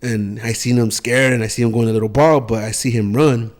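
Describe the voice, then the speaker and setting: A man's voice: mid-range voice, fairly even intonation, a little fast. A young man co-hosts a laid-back podcast, telling a story in loose street slang. He swears often and circles back over his own words as he goes. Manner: slangy, swears, rambling restarts. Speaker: podcast co-host. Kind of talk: casual storytelling chat.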